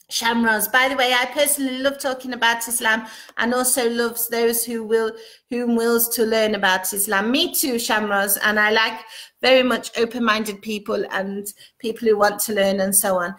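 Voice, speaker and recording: A woman hosts a relaxed live stream in a fairly high voice. She reads out viewer comments one by one and mixes in short Arabic blessings as she chats. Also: moderate pace. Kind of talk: casual live-stream chat.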